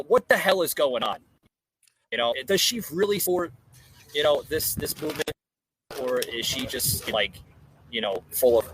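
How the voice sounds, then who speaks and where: A man's voice: fairly high pitch, fairly bright tone, slightly rough, rough recording. A man hosting a podcast, talking casually outdoors on a porch and hedging his words with lots of fillers. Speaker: podcast host.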